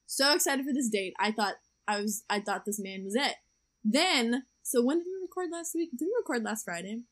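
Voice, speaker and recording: A young woman with a fairly high voice chats casually with a co-host. She tells stories in a chatty, animated way and laughs along. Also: moderate pace. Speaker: podcast co-host. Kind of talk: casual chat.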